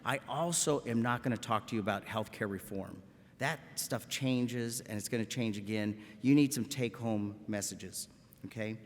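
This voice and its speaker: His voice sits lowish and moves at normal speed: a medical school professor in his fifties, from the Rio Grande Valley with a South Texas accent, addressing graduates. He jokes in a folksy manner and keeps asking "okay?". Recorded in a large, echoey auditorium with a long reverb tail during the ceremony.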